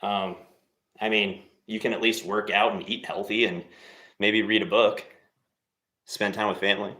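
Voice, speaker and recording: A man's voice: on the low side, level tone, moderate pace, long pauses, pushed and bright. A young man hosting a live stream, chatting casually between workout sets and teasing his viewers in a laid-back, motivational way. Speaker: livestream host.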